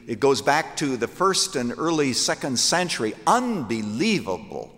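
A man's voice: mid-range voice, very animated, moderate pace, fairly bright tone. A man preaching a sermon, emphatic and rhetorical, putting questions to his listeners and quoting scripture in old-fashioned wording. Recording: long hall reverb from a large room.

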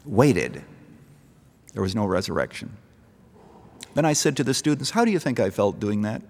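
A man's voice: lowish voice, very animated, normal speed, a little mellow. A middle-aged man preaching a sermon, telling a story and rising to emphatic calls to believe. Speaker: pastor. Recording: long echo of a large hall.

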